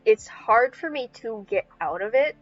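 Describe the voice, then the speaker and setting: Woman, podcast host, chatty, giggly, muffled lo-fi sound, quiet music. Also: on the high side, animated, unhurried. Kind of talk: casual podcast chat.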